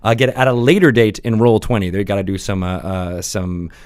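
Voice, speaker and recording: A young man hosting a podcast in casual studio chat, rambling with lots of fillers and quick laughs. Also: fairly low pitch, fairly even intonation, darkish tone, smooth. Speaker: podcast host.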